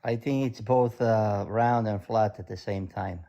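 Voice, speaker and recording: A man calls in and explains his view in a rambling, hesitant way. His voice is low and mellow. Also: steady tone, unhurried, gravelly, lo-fi sound. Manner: meandering, hesitant. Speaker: caller.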